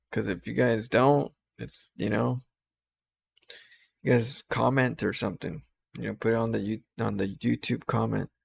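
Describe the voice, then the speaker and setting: Very gravelly, husky tired man. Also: medium pitch, no room sound. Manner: rambling, loose, unscripted talk to viewers. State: tired and yawning. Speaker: game streamer and caster. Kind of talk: casual game commentary.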